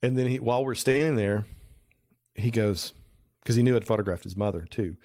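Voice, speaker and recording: A man's voice: mid-range voice, brisk, dark tone, no room sound, clean studio sound. A middle-aged man, a photographer guest on a podcast, telling rambling anecdotes with lots of restarts in a casual interview. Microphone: remote call recording.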